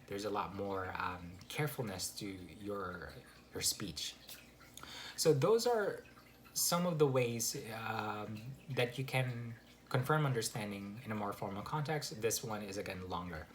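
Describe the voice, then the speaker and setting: A man giving a casual spoken English lesson, relaxed and full of fillers and restarts. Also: medium pitch, slight background noise. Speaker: English teacher. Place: Canada.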